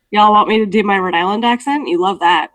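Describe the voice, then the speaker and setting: A woman's voice: medium pitch, fairly bright tone, no echo, poor audio. A woman co-hosting a casual podcast, joking and laughing easily. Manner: giggly, quick to laugh. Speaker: podcast co-host. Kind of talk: casual chat.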